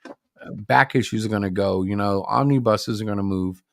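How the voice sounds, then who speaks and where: A man's voice: lowish voice, normal speed, creaky, fairly bright tone, dry recording. A man co-hosting a livestream about comics, talking in a casual, rambling and opinionated way. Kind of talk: casual chat.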